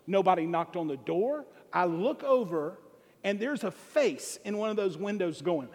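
A man with a high voice for his sex tells a comic story from the stage, lively and laughing along as he talks. His voice rings out with a long reverb that fills a big hall. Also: normal speed, a little hiss or hum. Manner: animated, laughs through his own story. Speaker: speaker addressing a congregation. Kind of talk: comedic storytelling sermon.

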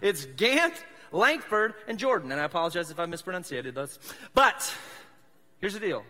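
Long hall reverb fills the church sanctuary where a Southern-accented pastor from South Mississippi delivers a casual sermon, joking and poking fun at himself in a chatty way. His high voice is sing-song and sharp, at normal speed.

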